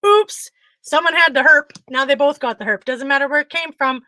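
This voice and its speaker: A woman co-hosting a talk show, telling a funny story in a casual, animated way and acting out what others said. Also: high-pitched, brisk, no room sound. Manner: animated, frequent laughter, acts out quotes. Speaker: podcast co-host.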